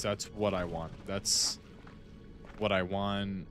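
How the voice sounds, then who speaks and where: A man's voice: low-pitched, fairly even intonation, takes it slowly, over music. A man gaming and chatting casually, rambling with lots of "like" as he muses aloud to friends. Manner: rambling, heavy use of "like", musing aloud to friends. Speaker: gaming streamer. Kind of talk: casual chat while playing a game.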